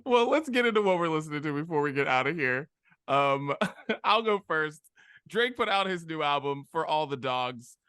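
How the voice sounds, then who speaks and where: A man co-hosting a podcast in casual chat, animated and acting out quoted reactions. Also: a little high, moderate pace, clear, resonant tone, no room sound, studio quality. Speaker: podcast co-host.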